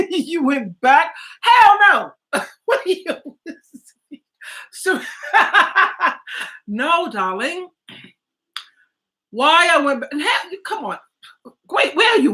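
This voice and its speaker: A woman hosts a live stream, reading out viewer comments and reacting to a video. She is chatty and affectionate with her audience and laughs often. Her voice is high and bright. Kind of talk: casual live-stream chat.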